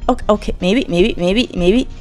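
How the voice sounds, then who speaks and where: A young woman giving excitable let's play commentary, whooping and yelling at the game. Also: medium pitch, normal speed, soft background music. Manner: excitable, loud whoops and squeals. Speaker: gaming YouTuber.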